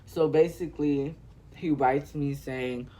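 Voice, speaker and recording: Sassy, profane teen vlogger. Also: male voice, on the high side, steady tone, slow pace, mellow, slight background noise. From California. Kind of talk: storytime while doing makeup.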